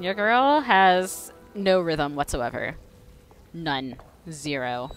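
A woman's voice: lowish voice, expressive, unhurried, soft background music. A young woman playing a horror game and joking as she talks to herself and her viewers. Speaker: game streamer. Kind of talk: casual gameplay commentary.

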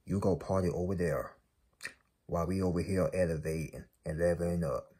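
A man's voice: sits low, a little fast, mellow, breathy edge. A man giving an emphatic spiritual motivational talk, repeating himself and calling out to his audience. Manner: emphatic, repetitive, calls out to the audience. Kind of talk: preachy motivational monologue.

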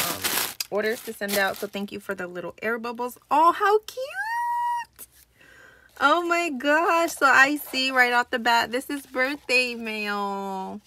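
Young woman vlogger, gushing and excitable, bright voice, chatty unboxing tone. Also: fairly high pitch, a little hiss or hum. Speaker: crafting channel host. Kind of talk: casual unboxing vlog.

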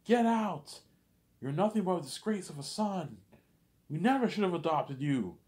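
A man voicing an enraged middle-aged adoptive mother who yells in a shrill voice. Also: very animated, normal speed. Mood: furious. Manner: shrill yelling.

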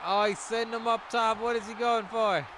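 A man giving excited play-by-play commentary on a wrestling video game match, shouting at the big moves. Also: extremely high pitch, moderate pace, crowd noise, background noise.

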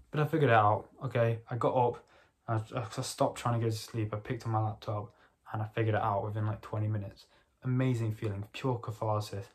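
A man's voice: on the low side, level tone, a little fast, a little mellow. A young man talks straight to camera in a rambling, motivational vlog monologue, swearing freely as he goes. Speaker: vlogger. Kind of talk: casual late-night monologue.

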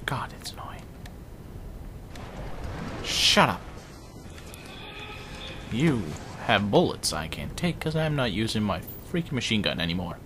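A man's voice: lowish voice, very animated, unhurried, long pauses, a bit bright, slight background noise. Jumpy man narrating his own gameplay. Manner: jumpy, self-mocking, talks to game characters. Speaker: gameplay commentator. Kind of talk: casual let's-play commentary.

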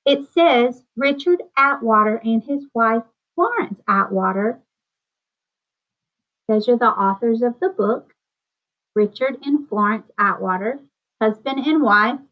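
A woman teacher reading a children's book aloud to her class, in a clear, gentle storytelling manner, then chatting about the book. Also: fairly high pitch, lively intonation, a little slow. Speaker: elementary school teacher. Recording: dull lo-fi sound.

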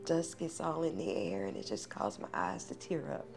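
An actress playing a humble, tired housemaid who pleads softly in a scripted skit. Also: female voice, rumbling low, big pitch swings, moderate pace, vocal fry, exaggerated voice. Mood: pleading. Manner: soft, pleading. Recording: background music under dialogue.

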